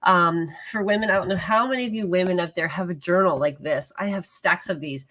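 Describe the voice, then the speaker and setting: A woman's voice: on the low side, fairly quick, fairly bright tone. A middle-aged woman co-hosting a marriage ministry talk, sharing a candid testimony with passion and repeating phrases for emphasis.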